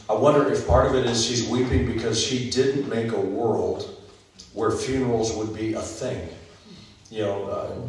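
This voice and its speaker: A man preaching a sermon, earnest, building up in places, with frequent ums and restarts. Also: mid-range voice. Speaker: pastor. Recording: echoey hall from far off, faint noise.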